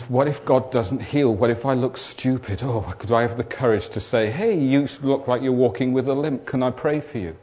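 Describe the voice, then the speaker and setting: Preacher telling a healing story. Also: male voice, mid-range voice, darkish tone. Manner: acts out both sides of conversations, rising to emphatic exhortation. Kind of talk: sermon with storytelling.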